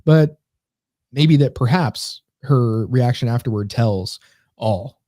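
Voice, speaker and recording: A man's voice: mid-range voice, slow pace, mellow, dry recording, studio quality. A man co-hosting a casual comedy podcast, rambling and sarcastic as he reads comments aloud. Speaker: podcast co-host.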